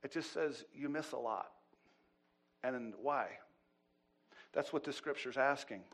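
Middle-aged male pastor, bright forceful tone, animated sermon delivery with loud peaks and hushed asides. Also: mid-range voice, a little slow. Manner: animated preaching, swings from loud bursts to quiet asides.

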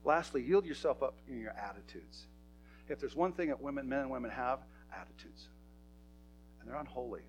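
A man's voice: mid-range voice, lively intonation, moderate pace, slight background noise, low-quality recording. A man preaching a sermon in a church, talking to his congregation in an emphatic, conversational way. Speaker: pastor.

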